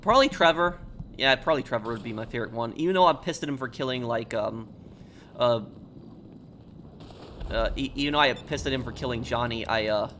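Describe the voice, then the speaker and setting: A man streaming a video game, chatting casually with viewers in a relaxed, halting way. He sounds a little tired. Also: medium pitch, a little hiss or hum. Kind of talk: live stream chat, answering viewers.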